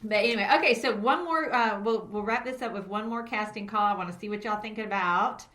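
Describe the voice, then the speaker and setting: A woman's voice: medium pitch, a little fast, fairly bright tone. A woman with a light Southern accent co-hosting a casual podcast chat, giggly and laughing often. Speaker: podcast co-host.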